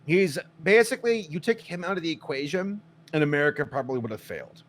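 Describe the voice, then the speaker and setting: Animated man on a casual podcast. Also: fairly high pitch, quick pace. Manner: animated storyteller, acts out quotes, swears. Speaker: podcast co-host. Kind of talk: casual chat.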